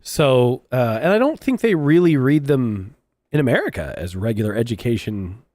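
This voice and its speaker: A man's voice: medium pitch, expressive, normal speed, darkish tone, dry recording. A man hosting a live stream in casual chat, rambling, restarting his sentences and laughing often. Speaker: streamer host.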